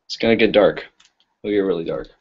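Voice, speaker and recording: A man's voice: sits low, brisk. A man who is a magician, chatting casually on a live stream and telling rambling stories full of fillers. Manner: rambling, filler-heavy storytelling. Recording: dull lo-fi audio.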